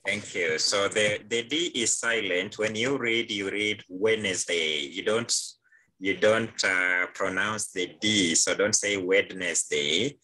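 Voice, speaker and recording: A man's voice: lowish voice, takes it slowly, pushed and bright, low-quality recording. A male teacher with a Kenyan accent, leading a live online class over a video call, with many hesitant fillers.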